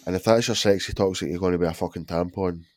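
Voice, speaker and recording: A man's voice: low-pitched, fairly even intonation, fast, a little mellow, no room sound. Sweary man, dry close sound. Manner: sweary, laughing banter, loose phrasing. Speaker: podcast co-host. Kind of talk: casual chat.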